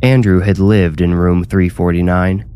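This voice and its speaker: A man, the author, reading his own horror story in a measured, low-key way. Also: level tone, mellow, slight background noise. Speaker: author and narrator. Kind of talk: scripted horror narration.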